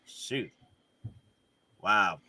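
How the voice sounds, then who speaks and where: A man hosting a casual group stream on a video call, upbeat and quick to react. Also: pushed and bright. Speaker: stream host. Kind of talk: casual chat.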